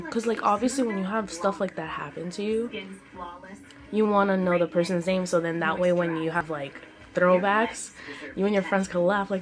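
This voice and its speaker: A young woman telling a story-time vlog in a chatty, animated way, full of "like"s. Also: medium pitch, normal speed. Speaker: vlogger. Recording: music playing behind the voice. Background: music.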